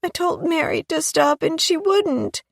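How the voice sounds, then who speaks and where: A woman voicing a tearful seven-year-old girl with a high, whimpering voice, in an audiobook. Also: expressive, measured pace, creaky, no room sound, clean studio sound, heavily acted.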